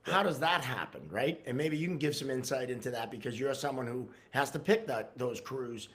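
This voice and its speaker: A man's voice: medium pitch, brisk, fairly bright tone. A man co-hosting a casual podcast, who jokes often and laughs readily. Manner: laughs often, jokey banter. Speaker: podcast co-host.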